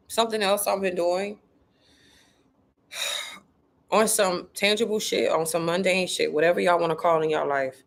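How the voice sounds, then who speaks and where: Blunt, cursing woman talking spirituality. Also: fairly low pitch. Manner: blunt, profane and slangy, talking straight to viewers; emphatic, repeats herself for stress. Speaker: spiritual content creator. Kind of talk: casual livestream talk to viewers.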